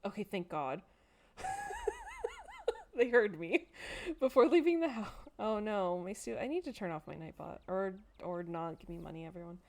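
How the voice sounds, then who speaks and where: A young woman streaming a story game, chatting casually with excitable, jokey, sweary asides. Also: lowish voice, moderate pace.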